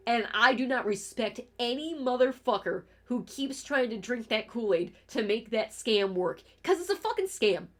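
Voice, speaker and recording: Annoyed woman streamer going off on a sweary rant, kinda high voice, heated and fast-talking. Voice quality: profane, exasperated ranting. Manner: heated, rapid-fire complaining with restarts. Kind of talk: casual ranting commentary.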